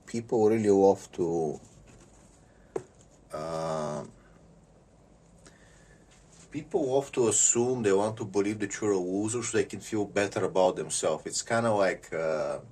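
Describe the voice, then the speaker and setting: A man giving a rambling comedic monologue. He repeats words and often clears his throat. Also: deep voice, slow pace, pauses often, darkish tone, recorded from a distance.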